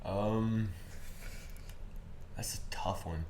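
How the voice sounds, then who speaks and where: A man's voice: fairly low pitch, fairly even intonation, very slow, darkish tone. A young man co-hosting a podcast in casual chat, hesitant and a little pedantic, with frequent ums. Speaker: podcast co-host.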